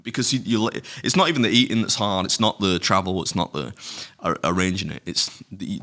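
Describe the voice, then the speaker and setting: A man's voice: low-pitched, a little fast, bright, forceful tone. A middle-aged man co-hosting a podcast, telling rambling anecdotes with plenty of swearing and laughs. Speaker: podcast co-host. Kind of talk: casual chat, storytelling.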